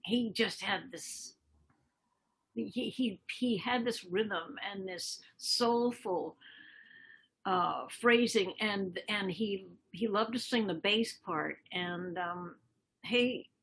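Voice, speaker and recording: Husky older woman musician reminiscing. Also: medium pitch, takes it slowly, poor audio. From Massachusetts. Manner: warm, reflective, trailing off with fillers. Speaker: guest musician. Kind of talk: casual interview chat.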